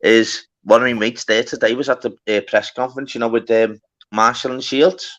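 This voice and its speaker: A man co-hosting a casual boxing chat, excitable and swearing freely, calling his partner mate and lad. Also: mid-range voice, fairly quick, muffled recording. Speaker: podcast co-host.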